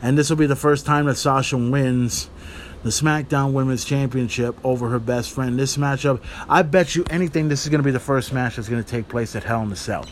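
A man's voice: mid-range voice, steady tone, a little fast, a little hiss or hum. Heated, profane man hosting a podcast. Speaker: podcast host. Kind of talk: casual wrestling predictions rant.

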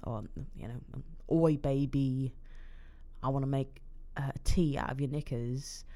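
A sleazy, leering man drawls lewd catcalls in a low voice, as a woman puts him on in a casual podcast chat. He slurs his come-ons lazily. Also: steady tone, measured pace, warm tone.

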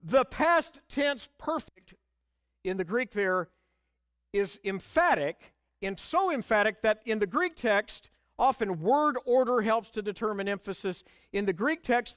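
A man's voice: sits high, a bit bright, dry recording, clean studio sound. A man preaching an expository sermon, earnest and emphatic, quoting scripture and hymn lines.

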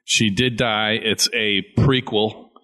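A man with a very deep, low voice talks in a casual chat. He explains things plainly and at a steady pace, adding fillers now and then. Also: slow pace.

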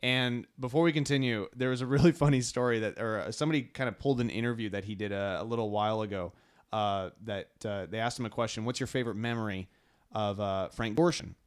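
A man's voice: lowish voice, fast talker, clear, resonant tone. Rambling, enthusiastic male co-host. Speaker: podcast co-host. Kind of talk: casual chat.

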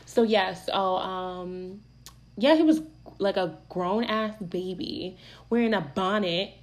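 A woman's voice: mid-range voice, slow, rough recording. Blunt, swearing young woman vlogger. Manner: blunt, animated, swears freely. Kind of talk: casual storytime chat.

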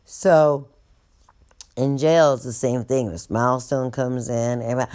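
A woman with a very low voice tells a story in a loose, chatty way. She swears freely and laughs along with herself. Her delivery stays animated throughout. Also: a little slow. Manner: animated, profane, laughs often. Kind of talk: casual storytelling vlog.

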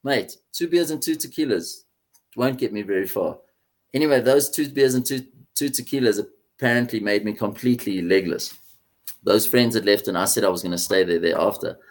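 A man, a guest in an interview, telling a personal story in an animated, casual way and swearing freely. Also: lowish voice, brisk. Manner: animated, swears, says "mate" often.

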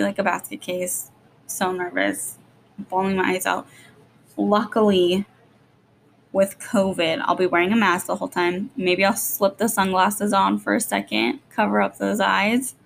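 A young woman and mother chatting casually to her vlog, rambling quickly with lots of "like", jittery and short on sleep. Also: medium pitch, vocal fry, slight background noise. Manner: rapid rambling, lots of "like", nervous. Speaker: vlogger, young mom.

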